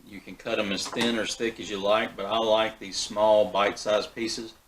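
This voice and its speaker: A man hosting a backyard barbecue vlog, talking in a relaxed, folksy way with fillers and restarts. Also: on the low side, moderate pace, a little hiss or hum, poor audio. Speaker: backyard BBQ channel host. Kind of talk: casual cooking vlog.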